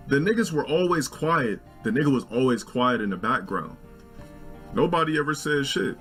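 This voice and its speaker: A man in his forties telling a long personal story in a casual, profane, animated way, with faint music. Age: 40s. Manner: animated, profane, jumps into shrill quoted voices. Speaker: storyteller in a video.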